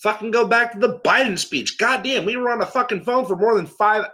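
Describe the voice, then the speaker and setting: Higher-voiced guy co-hosting, cusses every other word, really emphatic. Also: a little fast, bright, forceful tone. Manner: emphatic, swears in nearly every sentence. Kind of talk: profane casual chat.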